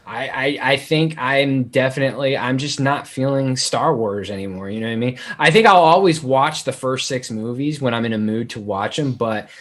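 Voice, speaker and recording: A man's voice: medium pitch, moderate pace, hardly any pauses, a bit bright. A man co-hosting a podcast, chatting casually in a laid-back way. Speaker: podcast co-host. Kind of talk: casual chat.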